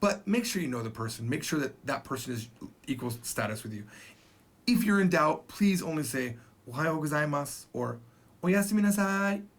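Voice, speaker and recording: Lively, animated male language teacher. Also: medium pitch, slightly rough. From Japan. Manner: chatty, emphatic, repeats phrases slowly for practice. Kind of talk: casual spoken lesson.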